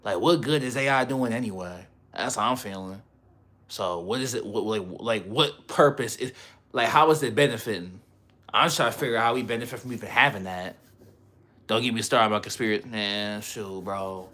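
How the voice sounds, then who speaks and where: A man's voice: fairly low pitch, fairly quick, sharp tone. A man chatting casually on a livestream, rambling in slang and laughing often.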